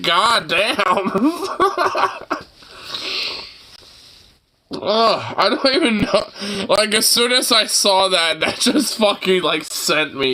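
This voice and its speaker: A man's voice: sits high, bright, forceful tone. A young man in a casual reaction video, laughing helplessly and teary-eyed, swearing between fits of giggles.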